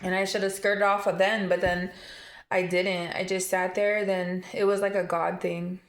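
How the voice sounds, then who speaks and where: A woman's voice: lowish voice, flat delivery, normal speed, reverberant. A woman telling a personal story on a casual vlog, emotional and rambling, with lots of fillers and restarts. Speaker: vlogger.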